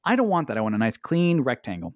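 Animated, exasperated man telling a story. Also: fast talker, no echo, studio quality. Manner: animated, exasperated, swears a lot, jumps in pitch. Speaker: podcast co-host. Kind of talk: casual storytelling chat. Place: Los Angeles.

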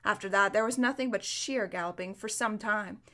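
A woman reading a storybook aloud in a steady, measured way, with the odd small slip. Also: medium pitch. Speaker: narrator.

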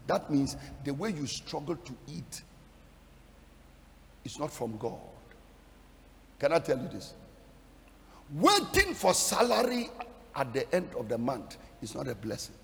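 Fiery high-voiced preacher in a ringing hall. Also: male voice, sing-song, measured pace, gravelly, pauses often. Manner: emphatic, rising into shouted declarations. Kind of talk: sermon.

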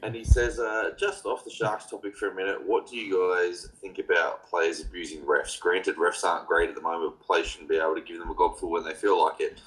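A man's voice: low voice, flat delivery, fairly quick, few pauses, fairly bright tone, poor audio. A man hosting a podcast, chatting in a blunt, laid-back way with swearing and banter. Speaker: podcast host. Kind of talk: casual podcast chat.

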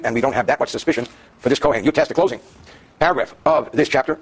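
A Torah teacher with a husky voice on the high side gives a daily class on Jewish law to students in the room. He reads Hebrew passages, then translates them and explains them while joking.

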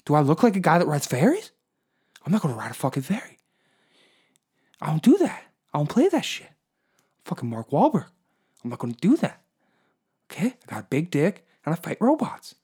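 A man doing a loud, profane impression of a brash Boston tough-guy movie star. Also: a little high, huge pitch swings, fairly quick, pauses often, slightly rough, pitched above the performer's own voice, heavily acted. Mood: blustering.

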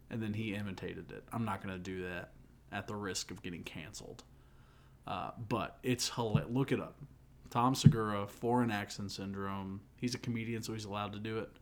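A man's voice: on the low side, fairly even intonation, normal speed. A young man co-hosting a podcast, chatting casually and joking as he retells a comedy bit. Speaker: podcast co-host. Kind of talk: casual chat.

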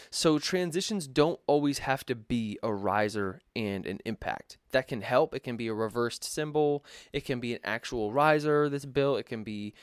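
A man's voice: mid-range voice, no room sound, studio quality. Chatty man explaining music production. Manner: loose and chatty, many fillers and restarts. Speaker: music producer answering viewer questions. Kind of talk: casual tutorial Q&A.

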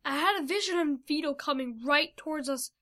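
Woman as an earnest young hero, bright high voice. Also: fairly quick.

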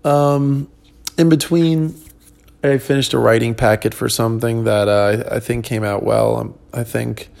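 Tired, gravelly-voiced comedian rambling. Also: male voice, mid-range voice, steady tone, a little slow, darkish tone. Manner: rambling, many ums and restarts. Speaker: comedian podcast host. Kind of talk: casual solo chat.

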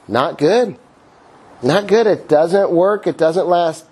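A man's voice: fairly high pitch, moderate pace, a little mellow, husky. A middle-aged male pastor giving a conversational sermon, weaving in personal stories.

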